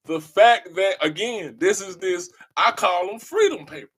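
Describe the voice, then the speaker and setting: Emphatic, preachy man with a high voice. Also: moderate pace, few pauses, fairly bright tone, breathy edge. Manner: emphatic, preachy, repeats key phrases. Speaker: podcast host. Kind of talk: passionate podcast monologue.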